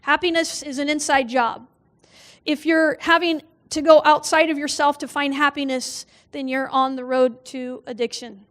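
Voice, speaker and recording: High-voiced woman preaching with humor. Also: fairly even intonation, moderate pace, fairly bright tone. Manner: humorous storytelling, acts out quoted voices, laughs often. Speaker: guest speaker. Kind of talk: sermon with personal stories. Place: church.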